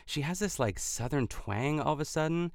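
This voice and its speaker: This podcast host recaps in casual chat with a fairly high, expressive voice and some vocal fry, talking at normal speed and packing his speech with "like" fillers and restarts. The studio-quality audio has no room sound.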